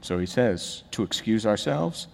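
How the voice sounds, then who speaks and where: Animated male pastor in a reverberant hall. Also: fairly low pitch, measured pace, vocal fry. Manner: emphatic preaching, building to rising, urgent peaks. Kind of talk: sermon. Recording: long reverb of a large hall.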